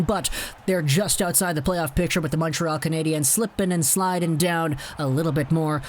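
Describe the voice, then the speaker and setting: Young man, solo hockey commentary, chatty, opinionated, slightly higher voice. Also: a little hiss or hum. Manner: chatty, opinionated, a bit sarcastic. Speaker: hockey video host.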